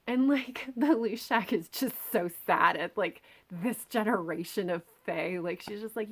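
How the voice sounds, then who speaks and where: A woman's voice: mid-range voice, unhurried, hardly any pauses, slightly rough. Chatty, enthusiastic woman reviewing books. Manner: chatty and enthusiastic, with filler words. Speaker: book reviewer. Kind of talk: casual chat.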